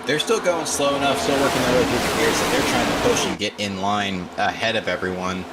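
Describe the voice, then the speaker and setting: A man giving relaxed, chatty color commentary on a sim race, often restarting his words. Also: lowish voice, fairly quick, creaky, heavy background noise.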